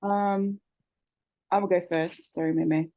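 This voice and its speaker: Low, mellow-voiced woman on a group call. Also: fairly even intonation, slow. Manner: earnest, many fillers like um and like. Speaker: group member. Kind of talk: casual group video call.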